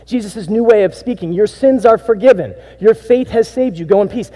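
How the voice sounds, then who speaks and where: A male pastor preaching with a high, mellow voice that carries through a church sanctuary with long reverb. He moves from near-hushed lines into emphatic, animated bursts. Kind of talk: sermon.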